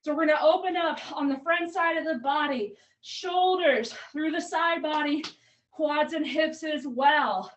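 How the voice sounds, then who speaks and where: A woman's voice: high-pitched, unhurried, far from the mic, low-quality recording. A woman fitness coach leading an online workout class, cueing moves and counting down reps while a little out of breath. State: slightly out of breath. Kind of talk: live online workout instruction.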